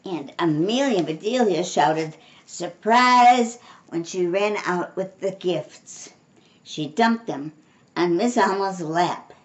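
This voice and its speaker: An older woman reading a children's storybook aloud in a slow, expressive way, giving voices to the dialogue. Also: fairly low pitch, highs cut off. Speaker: storybook reader.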